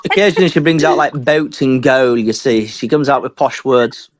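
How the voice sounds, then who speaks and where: Teasing podcast host, dry sound. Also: male voice, medium pitch, normal speed, no room sound. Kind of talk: casual chat and sign-off.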